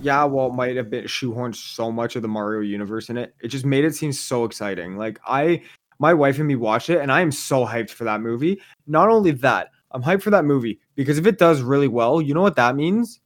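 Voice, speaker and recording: A man with a mid-range voice co-hosting a podcast. He gets excited and hyped up and talks like an eager fan. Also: mid-range voice, fairly quick. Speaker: podcast co-host. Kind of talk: casual chat.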